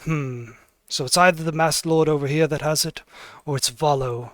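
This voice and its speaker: A man's voice: on the high side, steady tone, normal speed, a bit bright, no room sound, studio quality, close to an everyday voice. A man voicing a scheming masked male lord who reasons aloud in a party game. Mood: calculating.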